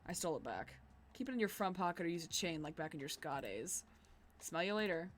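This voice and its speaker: A woman's voice: on the low side, expressive, a little fast, a little hiss or hum, pitched below the performer's own voice, close to an everyday voice. A woman reading the lines of a laid-back, teasing middle-aged dad from a dating game, half in her own voice.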